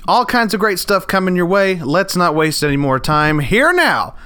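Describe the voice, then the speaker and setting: A man's voice: high-pitched, big pitch swings, normal speed, pushed and bright, smooth, no echo. A man hosting a comedy podcast, introducing the episode with hyped, rambling patter. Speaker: podcast host.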